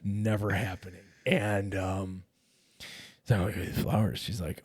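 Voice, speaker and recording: Husky middle-aged man telling his story. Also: sits low, moderate pace, no echo, clean studio sound. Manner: profane, animated retelling with quoted dialogue. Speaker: guest, retired police officer. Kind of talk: casual podcast storytelling.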